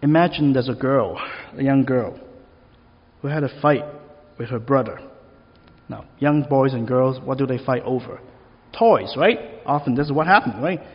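A man's voice: medium pitch, moderate pace, long pauses, husky. A man preaching a sermon in an easy, conversational way, asking the listeners questions. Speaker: pastor. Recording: long reverb, dull lo-fi sound.

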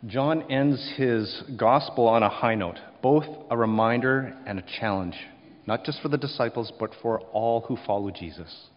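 A man preaching a sermon, rising to loud emphasis and then dropping quiet, often acting out short quotes. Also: medium pitch, moderate pace, big-room sound, muffled recording. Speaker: pastor.

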